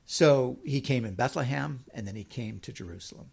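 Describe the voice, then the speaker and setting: A middle-aged man preaching a sermon, reading scripture slowly and emphatically, then explaining it in a chatty way. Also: medium pitch, gravelly, a little mellow.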